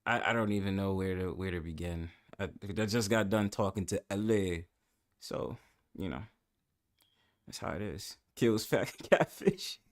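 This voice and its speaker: Man, New York accent, livestream host, casual chat, frequent laughter, cursing, loud-then-mumbled delivery. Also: deep voice, measured pace. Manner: laughs often, profane, swings between loud and mumbled.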